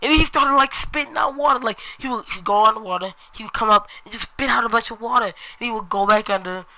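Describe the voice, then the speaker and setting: A woman's voice: a little high, fast, pushed and bright, no room sound, rough recording. A woman vlogger telling a personal story in a casual, rambling way, full of slang and fillers like "you know".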